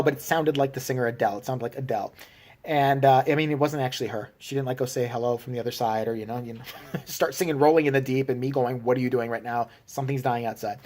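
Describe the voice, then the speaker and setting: A man's voice: medium pitch, darkish tone. Sarcastic, profane ranting man. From Chicago. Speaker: vlogger. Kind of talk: ranting storytelling.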